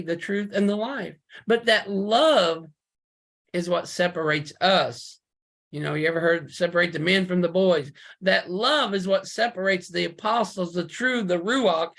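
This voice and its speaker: A high-voiced man delivers a fiery, emphatic sermon over a video call, full of rhetorical questions and sudden loud bursts.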